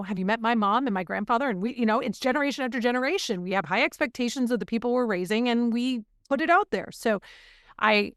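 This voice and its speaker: A woman's voice: medium pitch, a bit bright, dry recording, studio quality. A woman co-hosting a podcast, talking candidly and reflectively in a casual chat. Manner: candid, reflective, openly emotional. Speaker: podcast co-host.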